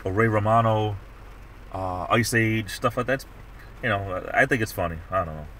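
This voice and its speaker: A man's voice: on the low side, normal speed, fairly bright tone, a little hiss or hum. A middle-aged man hosting a livestream, chatting casually in a rambling way with many restarts. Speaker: livestream host. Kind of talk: casual chat.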